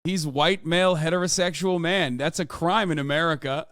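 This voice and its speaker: A male livestream host giving animated, profane reaction commentary over a played clip. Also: a little high, heavy background noise.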